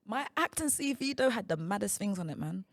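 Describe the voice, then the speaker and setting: A woman's voice: medium pitch, lively intonation, a little fast, no echo, studio quality. A young woman hosting a podcast, chatting casually with a friend and laughing often. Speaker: podcast host. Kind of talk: casual chat between friends.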